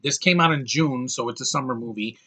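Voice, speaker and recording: A man's voice: mid-range voice, brisk, pushed and bright, slightly rough. A man giving a casual, ranting film review, blunt and heated, often repeating and restarting his words. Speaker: movie reviewer.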